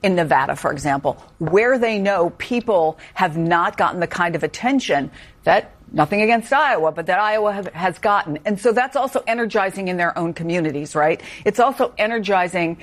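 A woman's voice: fairly low pitch, animated, fairly quick. A woman political commentator speaking earnestly and emphatically, often restarting her sentences. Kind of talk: panel discussion.

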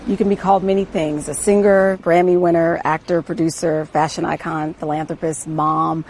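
Eager American woman interviewer, slightly low voice. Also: little pitch movement, darkish tone, a little hiss or hum. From United States. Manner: enthusiastic, quick with exclamations and laughter. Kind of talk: casual interview conversation.

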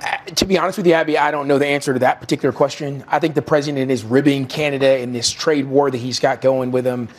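Male panel guest, quick and defensive, mid pitch. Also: fairly even intonation. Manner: hedging, defensive. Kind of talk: political panel debate.

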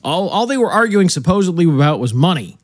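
A man's voice: high-pitched, fast talker, no echo, clean studio sound. A man hosting a political talk radio show, chatting casually and joking between fillers. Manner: lively, joking, rambling with fillers.

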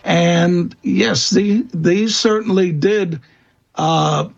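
A man speaking as a guest expert in an interview, answering in a halting way with many fillers and restarts. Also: high voice, gravelly, muffled recording. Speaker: guest expert on vampire lore.

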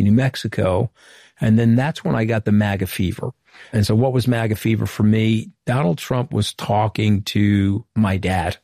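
In a dark, gravelly, lowish voice, a former White House communications director from Long Island, New York, now middle-aged, recounts candid anecdotes as an interview guest and plays out old exchanges. The recording is dry and clean, studio-grade.

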